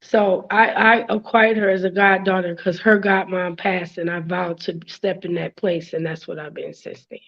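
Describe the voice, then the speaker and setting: A woman's voice: fairly low pitch, little pitch movement, normal speed, creaky, hardly any pauses, a bit bright. A woman guest earnestly sharing her personal story, openly emotional as she speaks. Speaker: guest on a live show. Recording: dull lo-fi sound.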